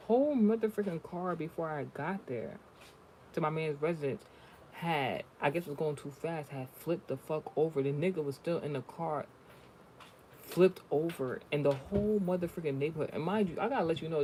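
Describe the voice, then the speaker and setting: A man with a fairly high, warm voice delivers a spiritual reading over casual chat. He curses freely and speaks bluntly while telling stories. Slight background noise is audible.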